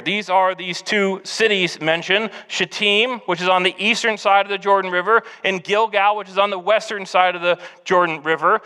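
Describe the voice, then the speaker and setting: Male pastor, high bright voice, earnest sermon delivery, hall reverb. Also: clean tone. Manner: earnest, exhortative preaching.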